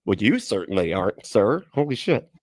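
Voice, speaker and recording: A man's voice: on the low side, big pitch swings, moderate pace, dry recording, studio quality. Joking, profane livestream host, man. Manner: joking, profane, rambling, chatting with viewers. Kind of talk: casual livestream chat.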